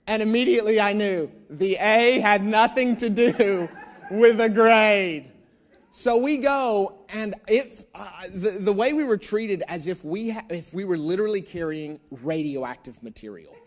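A male pastor preaching, telling a personal story in an animated, self-mocking way with asides to the room. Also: high voice, a little slow.

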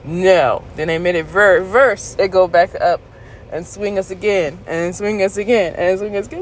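A woman vlogger casually recounting a story to her viewers, candid and laughing, jumping into high squeals when she quotes herself. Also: moderate pace, slight background noise, rough recording. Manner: animated retelling, jumps to high squeals when quoting herself.

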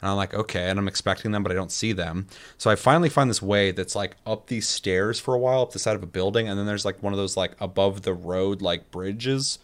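Low-voiced man telling a swearing game story. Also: brisk, few pauses. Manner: animated storytelling, heavy swearing. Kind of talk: casual gaming chat.

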